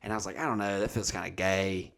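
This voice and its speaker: A man's voice: low-pitched, fast talker. Profane Alabama man telling stories. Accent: Alabama Southern US. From Oxford, Alabama. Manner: profane, rambling, animated retelling of conversations. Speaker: podcast host and comedian. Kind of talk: casual comedic storytelling.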